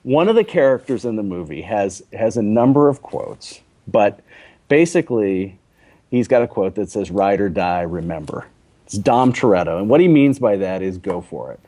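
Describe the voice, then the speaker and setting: Low mellow-voiced male executive. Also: animated, normal speed. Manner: chatty, repeats "you know" and "right?". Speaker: company executive guest. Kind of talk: casual interview talk.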